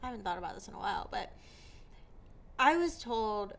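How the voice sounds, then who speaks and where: A woman's voice: mid-range voice, animated, a little fast, fairly bright tone. A woman guest artist talking casually and candidly, telling her story with emphasis. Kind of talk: casual conversation.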